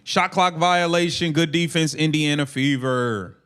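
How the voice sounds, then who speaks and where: This man's fairly high voice is a bit bright, clear and resonant. Calling a game on a livestream, he gives casual play-by-play in rapid clipped bursts, brash and mocking toward players, with swearing.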